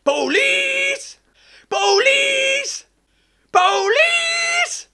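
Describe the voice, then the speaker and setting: A man voicing a blustering middle-aged male rooster lawman who bellows his lines in a shrill, strained voice. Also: big pitch swings, extremely slow, vocal fry, noisy background, full character voice. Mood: shouting. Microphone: cheap desk microphone.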